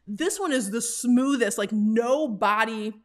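A woman in her forties telling a story casually to camera, animated and laughing often, with many fillers. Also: fairly high pitch, slow. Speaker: travel business vlogger.

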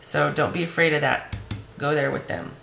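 A woman giving a tarot reading in a chatty, reassuring way, speaking straight to the viewer, her voice going hoarse. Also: deep voice, fairly even intonation, normal speed, fairly bright tone, echoey room, faint music behind, low-quality recording. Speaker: tarot reader.

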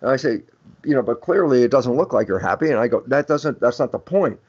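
Older male guest expert, mid-pitched, emphatic lecturer who voices quoted exchanges; dull low-fi recording. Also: animated, brisk, darkish tone, husky. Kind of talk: podcast interview, explaining ideas. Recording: dull lo-fi audio.

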